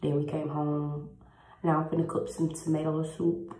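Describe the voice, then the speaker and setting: A woman's voice: low voice, completely flat delivery, normal speed, mellow. A young woman chatting in a casual vlog, slangy and blunt with plenty of swearing, her jaw numb after a tooth was pulled. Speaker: vlogger. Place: at home, indoors. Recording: echoey room with faint noise.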